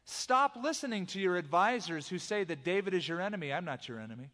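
A man's voice: sits high, animated, fast, bright, forceful tone, pitched above the performer's own voice. A man preacher voicing a humble young warrior who earnestly pleads with a king. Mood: pleading. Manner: earnest, impassioned plea. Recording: long hall reverb.

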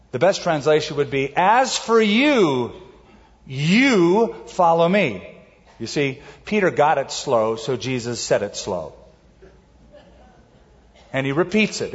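A man preaching a sermon as a pastor, emphatic, slowing down to stress key words. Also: on the high side. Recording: dull audio with long hall reverb.

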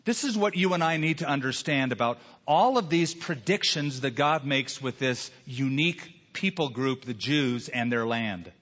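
A middle-aged man preaching a sermon, reading scripture aloud with emphatic pauses. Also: medium pitch, animated, a bit bright. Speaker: pastor. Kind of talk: expository sermon. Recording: dull recording in a large reverberant hall.

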